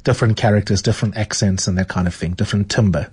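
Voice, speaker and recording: A man hosting a radio book show. He chats with callers and reads passages aloud in a relaxed way, often restarting his sentences. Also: on the low side, fast talker, few pauses, husky. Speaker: radio host. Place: radio studio.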